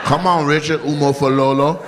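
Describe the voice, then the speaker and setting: A man doing stand-up crowd work on a club stage, teasing audience members in a loud, playful way, laughing often. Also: fairly high pitch, fairly even intonation, normal speed. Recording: live club audio with audience noise.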